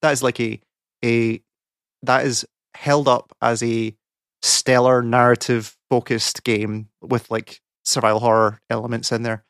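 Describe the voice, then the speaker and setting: A man's voice: mid-range voice, level tone, unhurried, fairly bright tone, smooth, no room sound, studio quality. Exasperated man ranting. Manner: rambling, exasperated ranting with many fillers. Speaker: podcast co-host, game academic. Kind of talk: casual podcast chat.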